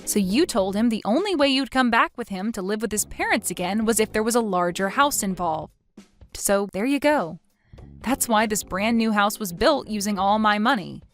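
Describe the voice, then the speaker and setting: A woman's voice: mid-range voice, animated, moderate pace, soft background music. A woman reading a scripted text story aloud in a firm voice. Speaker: story narrator.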